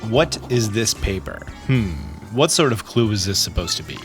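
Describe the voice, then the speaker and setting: A man voicing a pompous, self-assured male detective in a lowered, slow voice. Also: expressive, over music, lightly acted.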